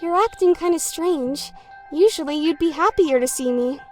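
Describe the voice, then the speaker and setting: A woman's voice: high voice, moderate pace, faint music behind, pitched above the performer's own voice, lightly acted. A woman voicing a sweet, clingy young woman who is affectionate and teasing, reading game dialogue aloud in a sugary, doting manner.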